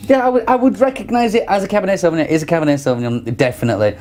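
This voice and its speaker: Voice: medium pitch, racing, a little mellow. A speaker co-hosting a casual wine tasting chat, musing and hesitant with frequent restarts. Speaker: wine show co-host.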